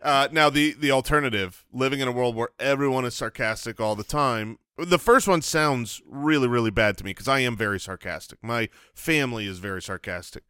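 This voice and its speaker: A man's voice: medium pitch, a little fast, few pauses, bright, forceful tone, clear, resonant tone, no room sound, studio quality. A middle-aged man co-hosting a comedy podcast, talking casually with a sarcastic, joking delivery. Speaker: podcast co-host.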